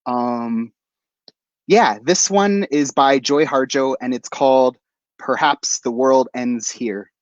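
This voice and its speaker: A man's voice: medium pitch, slow pace, no echo. A man on a video call at an online open mic, introducing himself with many fillers and then reading a poem. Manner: relaxed, hesitant with many fillers. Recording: dry, dull lo-fi call audio.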